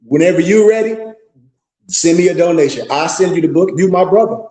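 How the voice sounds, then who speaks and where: A boastful, animated pastor and teacher talks fairly quickly in a casual livestream, shifting into quoted voices while telling stories. His voice sits high for a man, in an echoey room.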